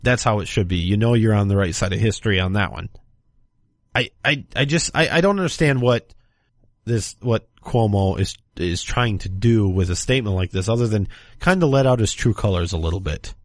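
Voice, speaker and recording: With a fairly low, slightly fast voice, a man hosts a political talk show and sarcastically mocks his opponents in put-on quotes. The sound is studio quality with no room echo.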